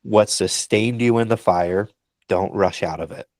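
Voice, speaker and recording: A man's voice: on the low side, measured pace, a little mellow, dry recording. A man co-hosting a Bible discussion podcast, talking in an encouraging, pastoral way with frequent ums. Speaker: podcast co-host.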